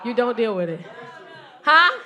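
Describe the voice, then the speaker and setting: A woman in her forties performing a loud, animated stand-up set with crowd work, telling stories to a live audience. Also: a little high, measured pace. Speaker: stand-up comedian. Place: comedy club stage with live audience. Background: audience laughter.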